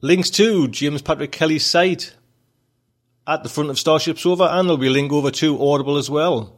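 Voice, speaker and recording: A man's voice: on the high side, moderate pace. A man, hosting a podcast and signing off in a chatty way. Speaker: podcast host. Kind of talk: casual sign-off.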